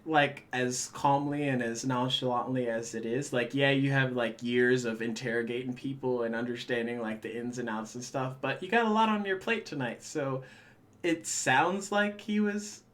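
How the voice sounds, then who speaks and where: A man running a tabletop game for a stream, easygoing and chatty. His pitch moves around a lot, and he speaks at an unhurried pace. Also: fairly bright tone. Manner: laid-back, chatty, lots of fillers. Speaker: game master.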